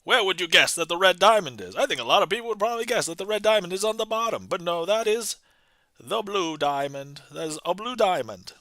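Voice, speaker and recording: A man's voice: high-pitched, lively intonation, a little fast, pushed and bright, no echo, studio quality, heavily acted. A man putting on a 1920s huckster announcer. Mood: hustling showman. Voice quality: strained throat. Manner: old-timey radio announcer patter, teasing the mark. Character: fast-talking 1920s male card-game huckster. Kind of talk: live-streamed magic trick patter.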